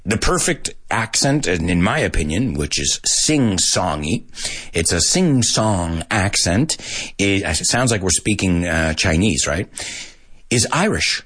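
Lively husky-voiced man teaching English. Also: on the low side, measured pace. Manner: animated, switches between English and Spanish, laughs often. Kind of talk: casual bilingual vocabulary lesson.

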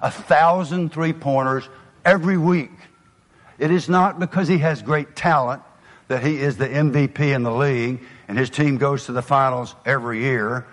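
A man's voice: mid-range voice, steady tone, normal speed, in a large hall. An older man with a Southern US accent giving a motivational speech, telling folksy stories and dropping to a near whisper for emphasis. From American South. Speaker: motivational speaker.

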